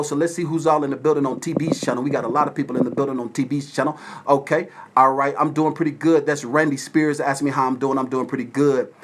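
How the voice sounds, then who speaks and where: A man from Atlanta, Georgia, hosting a casual livestream from his phone at home and shouting out viewers by name. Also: mid-range voice. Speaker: livestream host. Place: at home with windows open.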